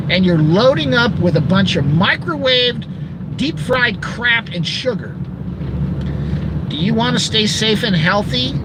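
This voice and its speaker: A middle-aged man hosting his own channel, ranting in an animated, sarcastic monologue with shouted outbursts. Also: sits high, heavy background noise. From Southern California. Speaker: channel host.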